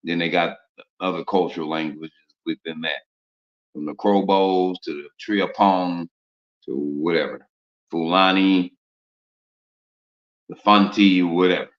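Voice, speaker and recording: A man's voice: low-pitched, a little slow, pauses often. A man giving an informal preaching talk in streetwise slang, firing off rhetorical questions. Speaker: religious speaker. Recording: muffled lo-fi recording with roomy echo.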